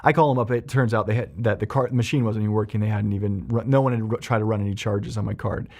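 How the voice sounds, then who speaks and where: A man's voice: lowish voice, fast talker. Male therapist telling a story. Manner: animated storyteller, frequent ums and restarts. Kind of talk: explanatory podcast talk with personal anecdote.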